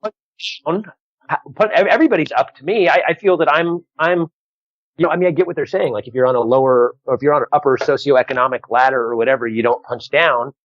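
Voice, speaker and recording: A man's voice: fairly high pitch, quick pace, no room sound. A man, a comedian, telling a story on a podcast over a video call, rambling with many restarts and acting out both sides of an exchange. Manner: rambling, animated, restarts often, acts out quoted exchanges. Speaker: comedian guest. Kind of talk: casual podcast interview storytelling. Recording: dull lo-fi video call audio.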